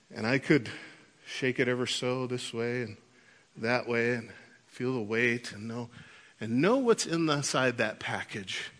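A man preaching a sermon, telling lively childhood stories and laughing through them. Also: a little high. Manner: animated storyteller, laughs through anecdotes. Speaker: pastor. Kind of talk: sermon with storytelling.

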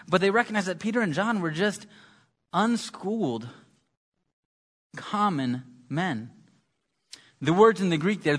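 A man preaching a sermon, talking in a halting way and often repeating words as he searches for them. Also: fairly high pitch, a bit bright.

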